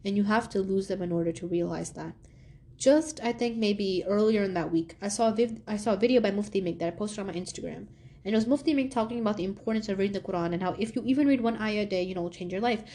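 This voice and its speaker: Animated young woman telling a story. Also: fast. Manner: animated, acts out quoted dialogue with pitch jumps. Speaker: podcast host. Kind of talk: casual storytelling monologue.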